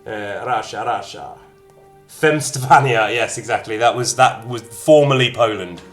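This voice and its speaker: A man's voice: on the low side, normal speed, soft background music. Chatty man streaming a game. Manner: chatty, reads out viewers' locations, jokey asides. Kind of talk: casual live-stream chat while gaming.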